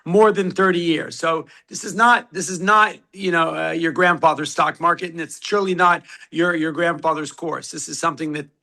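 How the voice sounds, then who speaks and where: A man co-hosting a live online trading class who pitches the course in a brash, joking, salesy way over a video call. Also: steady tone, normal speed, vocal fry, few pauses, pushed and bright.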